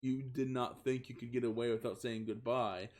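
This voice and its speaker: A man's voice: mid-range voice, fairly even intonation, normal speed, darkish tone, lightly acted. A man reading out a seductive female tentacled alien in stilted, broken grammar. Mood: flirty.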